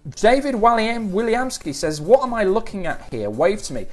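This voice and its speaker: A man with a British accent reading out live-stream chat in a sarcastic, animated way, swearing freely. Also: sits high, normal speed, hardly any pauses, soft background music. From United Kingdom.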